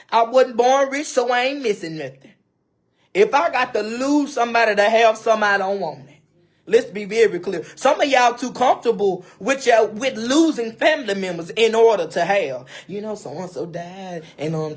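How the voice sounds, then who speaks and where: A woman in a casual live-stream monologue, speaking straight to her viewers with emphatic, preachy advice, repeating phrases and calling them "baby". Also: mid-range voice. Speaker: livestreamer.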